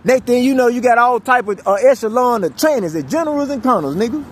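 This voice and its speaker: A man's voice: very high voice, expressive, quick pace. A man delivering a profane, rambling monologue, repeating himself and stumbling over restarts. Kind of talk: ranting monologue.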